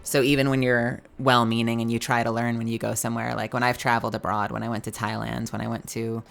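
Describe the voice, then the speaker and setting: A woman's voice: extremely low pitch, level tone, fast, creaky, soft background music. A woman streamer telling a story in casual chat, filling her talk with "like" and the odd swear word. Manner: chatty, with frequent "like" fillers and swearing.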